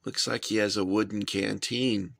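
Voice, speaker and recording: A man reviewing his toy soldier collection in a casual, chatty way, often pausing with "uh" and adding dry asides. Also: on the low side, fairly even intonation, gravelly, fairly bright tone. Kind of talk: casual show-and-tell review.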